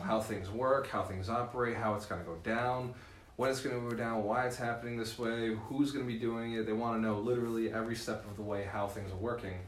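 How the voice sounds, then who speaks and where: A man teaching a live seminar to a room, talking at an ordinary middle pitch. He keeps it lively and chuckles often, checking in with the audience as he goes. The sound is roomy and echoey, with faint ambience underneath. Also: a little hiss or hum. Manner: lively, laughing, often tags with "right?". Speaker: real estate mentor.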